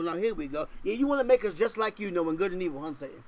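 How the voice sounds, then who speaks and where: High-voiced emphatic male pastor preaching. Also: animated, fairly quick. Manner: emphatic, rhetorical questions to the congregation; shifts between raised, forceful stresses and low, quiet asides. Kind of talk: sermon.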